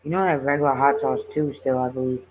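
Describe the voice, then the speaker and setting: A woman's voice: rumbling low, fast talker. A woman co-hosting a live stream, chatting casually and answering viewers. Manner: relaxed, chats back to viewers by handle. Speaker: stream co-host. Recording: dull lo-fi mic with faint noise.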